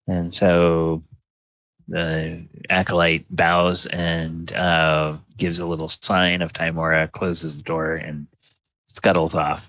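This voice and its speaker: A man narrating a tabletop game as game master, in a relaxed and halting way with many fillers. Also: sits low, no echo, lo-fi sound.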